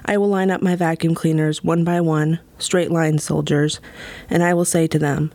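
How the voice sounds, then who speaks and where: A woman performing her own spoken-word poem in a wry, deadpan, measured way. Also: low voice. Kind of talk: spoken-word poetry reading.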